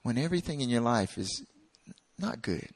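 Male preacher, conversational sermon, gravelly voice, dry close sound. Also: medium pitch, animated, normal speed, no echo. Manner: conversational, acts out dialogue.

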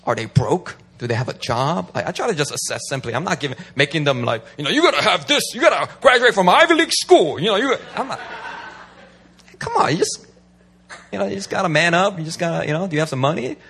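A man's voice: on the high side, fast, gravelly, a little hiss or hum. A man who is a pastor, talking casually and animatedly, acting out what people say. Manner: animated, acts out quotes. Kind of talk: casual talk.

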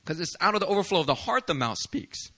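A male pastor from Philadelphia preaching a sermon in an animated, self-deprecating way, often laughing. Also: sits high, fast talker, slightly rough.

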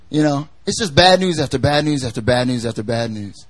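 A man's voice: medium pitch, fairly quick, few pauses. A young man preaching a casual sermon, chatty and jokey, full of fillers as he tells stories.

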